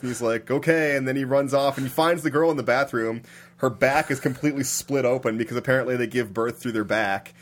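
A man in casual podcast chat, recapping a strange film with lots of "like" and bursts of laughter. His pitch climbs high when he is outraged and drops low when he tells the quieter parts. He sounds loose and unscripted. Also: a little fast. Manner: animated storyteller, many "like"s, laughing at absurdity.

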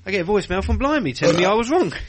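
A man's voice: sits high, big pitch swings, very fast, slightly rough. A young English man hosting a podcast, swearing and joking casually with his co-hosts. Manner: sweary, joking, self-mocking. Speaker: podcast host.

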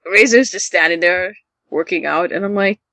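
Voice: medium pitch, normal speed, sharp tone, no echo, poor audio. A podcast host recapping an episode in casual chat, with wry, sarcastic storytelling.

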